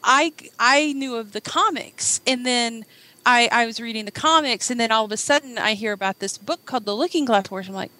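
Gushing woman host, bright, fairly high pitched. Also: fairly quick, low-quality recording. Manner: gushing, enthusiastic fan. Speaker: interviewer. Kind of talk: casual interview chat.

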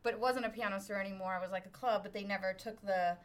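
Talking fast in a mid-range voice, a Brooklyn, New York woman of middle age shares a story while guesting on a podcast. The chat is casual, and she's animated, laughing frequently and mocking herself.

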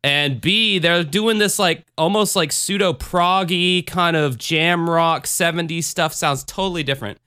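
Bright, sarcastic rambling podcast host man. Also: on the high side, a little slow, few pauses, smooth, dry recording, clean studio sound. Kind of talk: casual podcast chat.

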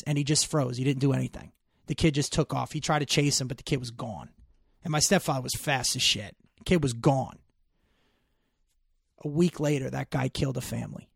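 A man's voice: mid-range voice, brisk, gravelly, breathy edge, no echo, studio quality. A man telling stories in casual chat, emphatic and full of profanity.

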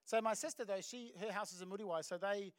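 A middle-aged New Zealand pastor preaches from a church stage, his voice pitched high for a man. He tells stories with animated energy, acting out the voices of the people in them. The sound is dry and close, with little room echo. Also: fast talker, smooth. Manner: animated storytelling with acted voices and laughs. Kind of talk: sermon.

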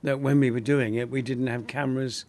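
An older actor telling lively anecdotes in an interview, acting out other people's lines and laughing often. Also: male voice, mid-range voice, fairly quick. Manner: animated storyteller, acts out quoted voices, laughs often. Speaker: actor guest.

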